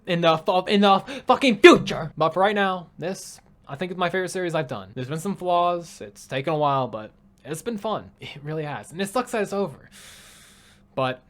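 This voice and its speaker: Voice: medium pitch, expressive, normal speed, a bit bright. A young adult gaming video creator giving emotional let's play commentary, swearing a lot.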